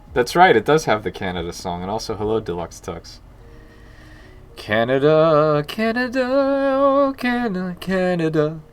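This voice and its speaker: A man in his forties chatting casually on a live stream while he works on a game, rambling with jokey asides and muttering to himself as he goes. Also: fairly low pitch.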